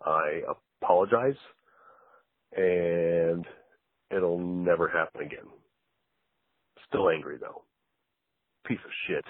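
A man's voice: slow, long pauses, dry recording. A man playing an angry, profane superfan caller who rants and swears into a phone line. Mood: sullen. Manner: profane, shouting, then mumbling low. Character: furious ranting male superfan caller.

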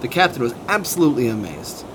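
A man's voice: mid-range voice, fast talker. Guy reading a kids story, really sing-songy, lotta background noise. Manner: expressive, sing-song. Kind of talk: children's storybook read-aloud.

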